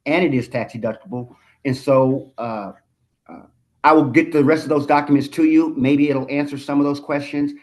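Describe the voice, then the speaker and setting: Man pitching a proposal in a meeting, kinda halting, reads legal bits aloud. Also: a little mellow, low-quality recording. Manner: halting, reads out statute text. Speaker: presenter of a proposal. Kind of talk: meeting discussion.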